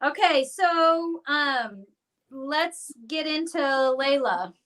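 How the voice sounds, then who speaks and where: A woman's voice: high-pitched, animated, extremely slow, a bit bright, low-quality recording. A woman hosting a live stream as a psychic medium, chatty and playful, often laughing at herself. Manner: chatty, playful, self-deprecating.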